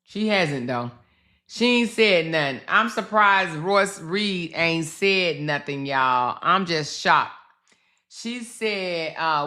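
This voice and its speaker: A woman hosting a casual livestream speaks slowly, with a bright, clear tone. She chats directly to her viewers and swears freely as she reacts to posts. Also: lowish voice, animated. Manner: slow, chatty, swearing, talks to viewers. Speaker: livestream commentary host.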